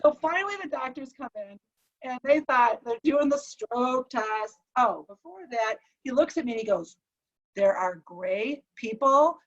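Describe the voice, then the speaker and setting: A woman telling an emotional personal story, animated and acting out the dialogue. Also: high voice, normal speed, muffled recording. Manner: animated, acts out quoted dialogue.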